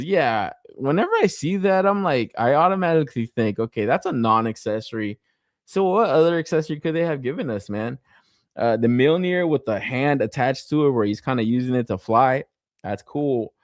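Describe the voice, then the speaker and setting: A man's voice: mid-range voice, no echo, studio quality. A man co-hosting a toy collecting podcast, chatting casually and swearing constantly as he reviews an action figure. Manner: profane, animated, laughs often. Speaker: podcast co-host.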